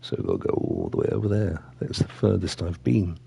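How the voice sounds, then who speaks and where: A man's voice: low-pitched, wildly swooping pitch, moderate pace, gravelly, warm tone, slightly rough, highs cut off. A man casually commentating a game he is playing, chatty and rambling. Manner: chatty, rambling asides over gameplay. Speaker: game streamer. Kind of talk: casual let's-play commentary.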